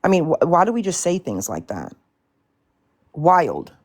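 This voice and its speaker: A woman hosts a casual live stream, blunt and exasperated, swearing freely as she rants. Her voice sits a bit low for a woman. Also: sing-song, unhurried, a little mellow. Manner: blunt, profane, exasperated ranting. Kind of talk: casual livestream chat.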